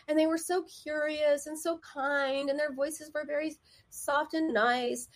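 A woman's voice: sits high, fairly even intonation, unhurried. A woman therapist giving advice in a casual, conversational way, often acting out the voices of people she quotes.

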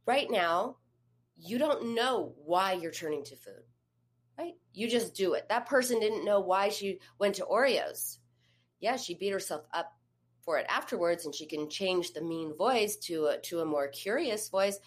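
A woman's voice: on the low side, animated, a little slow. A woman therapist and coach giving an advice talk, speaking conversationally and putting questions straight to the listener. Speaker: eating disorder therapist and coach.

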